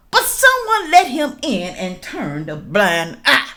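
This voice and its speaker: A middle-aged woman giving casual reaction commentary, reading news aloud and calling out to viewers as y'all, rising to loud emphatic questions. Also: a little high, wildly swooping pitch, slow. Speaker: political commentary vlogger.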